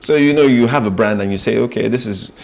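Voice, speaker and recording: A middle-aged Nigerian voice-over artist speaks in a morning TV interview, measured and thoughtful, pausing as he goes. His voice is mid-range and creaky.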